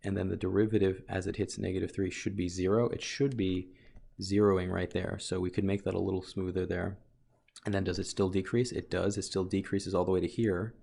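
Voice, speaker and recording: A male math teacher walks through a graph in a recorded lesson. His voice sits low and gravelly with a husky edge. He thinks aloud and keeps stopping to correct himself. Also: level tone, a little fast, dark tone. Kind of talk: recorded calculus lesson with board work.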